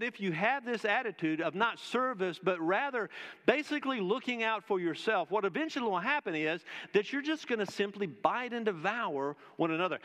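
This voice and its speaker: Brief: male pastor, bright higher voice, deliberate emphatic sermon delivery, church reverb. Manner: emphatic preaching with slow, drawn-out pauses and rhetorical questions. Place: church sanctuary. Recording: long reverb of a church hall.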